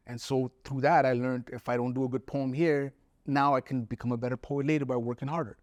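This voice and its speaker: A man's voice: medium pitch, a little fast, no room sound. Earnest man telling a story, dry sound. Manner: relaxed and earnest, recounts events by voicing others' words. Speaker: poet, guest. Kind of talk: reflective storytelling in conversation.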